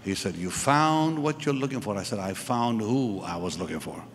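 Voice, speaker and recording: A man's voice: on the low side, lively intonation, normal speed, a little hiss or hum. A man preaching a sermon at a live church service, telling a personal story and acting out the voices of the people in it. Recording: live church hall with reverb and music.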